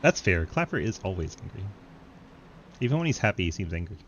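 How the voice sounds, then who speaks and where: A man giving live, joking play-by-play commentary on an online race, laughing often and getting excited at crashes. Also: low-pitched, brisk, muffled recording, slight background noise. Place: home setup, online sim race broadcast.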